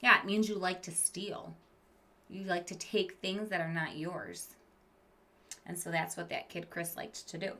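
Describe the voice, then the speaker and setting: A woman teacher reading a storybook aloud to children at an unhurried pace. She pauses to explain words and quiz her listeners, sometimes dropping to a whisper. Her voice is bright and clear. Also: on the low side. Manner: stops to explain words and ask children questions; drops to whispered asides.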